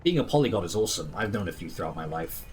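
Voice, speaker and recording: A man's voice: sits low, very animated, very fast, a little mellow, a little hiss or hum. A man streaming a video game, chatting casually and reading chat and in-game documents aloud, with a mostly American accent that drifts toward British. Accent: American, slipping toward British. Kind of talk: casual gameplay livestream chat.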